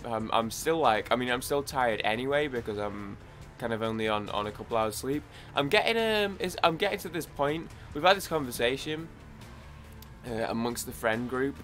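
A man's voice: medium pitch, a bit bright. A young man giving casual gameplay commentary, sounding groggy from lack of sleep and rambling with frequent restarts. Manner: rambling, many restarts, swears when frustrated. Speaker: gaming YouTuber.

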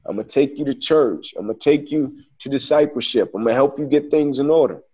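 Man, interview guest, dark voice, earnest reflective storytelling, casual speech. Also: mid-range voice, fast, slightly rough.

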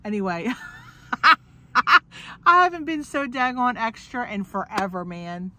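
A woman's voice: fairly high pitch, big pitch swings, unhurried, bright, forceful tone. A woman vlogging from inside a car on her phone, chatting and joking while sick with a cough, swearing and laughing often. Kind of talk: casual chat to camera.

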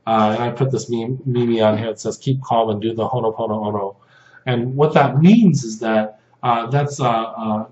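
A man giving a casual spoken lesson over slides, halting with many fillers and restarts, softening when he repeats short prayer phrases. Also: medium pitch. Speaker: video host teaching about control dramas. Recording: dull lo-fi audio in a roomy space with faint hum.

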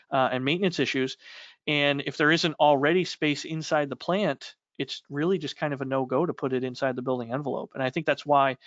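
Smooth-voiced New England man, halting webinar talk. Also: mid-range voice, a bit bright, no room sound. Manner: halting, many fillers and restarts. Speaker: webinar co-host. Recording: slightly dull dry audio.

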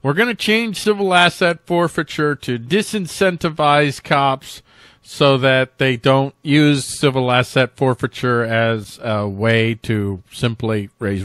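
A male co-host in casual political chat, animated and jokey, often slipping into mock voices. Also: medium pitch, a little slow, no room sound, studio quality.

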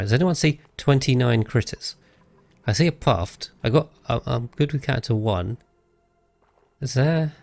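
A man's voice: medium pitch, gravelly, a little mellow, dry recording. A man streaming a video game live, thinking aloud and chatting casually with his viewers as he plays. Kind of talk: casual live gameplay commentary.

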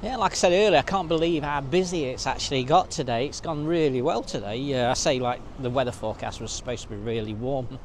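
A man's voice: medium pitch, quick pace, hardly any pauses, slight background noise. Chatty man vlogging outdoors. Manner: chatty, rambling, lots of "so yeah" fillers. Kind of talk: casual walking vlog. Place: outdoors at a seaside resort street.

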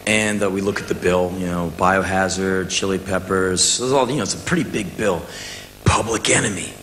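An American man in his thirties tells a story on stage and acts out every quote with bursts of shouting and laughter. His voice is low-pitched and bright, with a forceful edge. A faint hiss sits under the recording. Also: a little fast. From United States. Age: 30s. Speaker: musician telling a story on stage. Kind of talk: spoken word storytelling.

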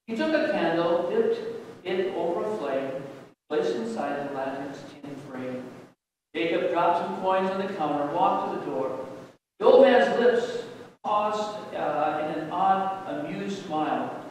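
A man, a pastor, reading a story aloud in a steady, measured way during a church service. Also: a little high, distant mic, slight background noise. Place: church sanctuary. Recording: echoey church hall from afar.

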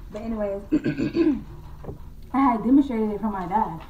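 A woman's voice: mid-range voice, a little slow, distant mic, dull audio, a little hiss or hum. Young woman telling a story, roomy echo. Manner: animated, acts out her own scared voice; slangy, talks to viewers as y'all. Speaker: vlogger. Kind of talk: casual storytime. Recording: echoey room from off-mic.

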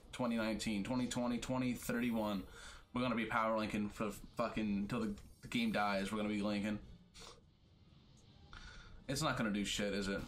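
Low-voiced, profane gaming streamer. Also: male voice, a bit bright. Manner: profane, trash-talking, complains about bad luck. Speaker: streamer playing a card battle game. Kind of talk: casual gameplay commentary.

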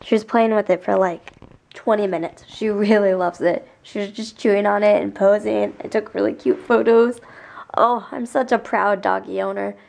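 A woman's voice: medium pitch, fairly even intonation, moderate pace, gravelly, darkish tone. A young woman vlogging casually and cooing in baby talk at her new dog. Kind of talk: casual vlog.

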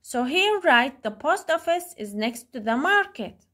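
A young woman teaching an English lesson to young pupils, speaking slowly and clearly and saying each word twice. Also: high voice, sing-song, a bit bright.

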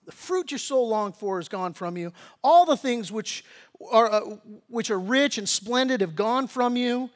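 Expressive and measured, this male pastor reads scripture aloud and slips into laid-back, slangy remarks. When he exhorts the congregation, his voice climbs in pitch and volume and presses harder.

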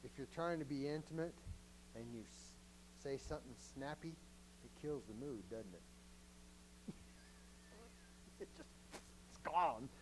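A man's voice: medium pitch, unhurried, pauses often, noisy background. A man preaching a sermon as a pastor, in a conversational, joking way and often asking the congregation questions.

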